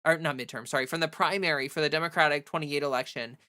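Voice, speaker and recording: A woman's voice: low voice, quick pace. A woman hosting a casual livestream, talking animatedly with lots of fillers and restarts as she rants and reads chat. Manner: animated, heavy use of "like", frequent restarts. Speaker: livestream host.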